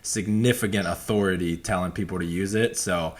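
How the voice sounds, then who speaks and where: Deep-voiced enthusiastic podcast host. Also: male voice, steady tone, brisk, crowd noise. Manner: affirming and enthusiastic, frequent agreement. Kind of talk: podcast interview.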